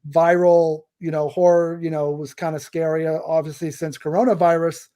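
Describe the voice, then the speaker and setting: A man co-hosting a film podcast, chatting in a relaxed, conversational way with some hesitant fillers. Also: a little high, moderate pace, smooth. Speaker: podcast co-host. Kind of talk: casual film review chat.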